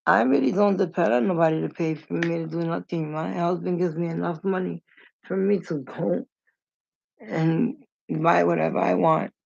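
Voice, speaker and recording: A woman's voice: fairly low pitch, steady tone, moderate pace, vocal fry, darkish tone, dry recording. A woman telling rambling stories in a casual vlog, acting out the people in them as she goes. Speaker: storyteller. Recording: dull lo-fi recording.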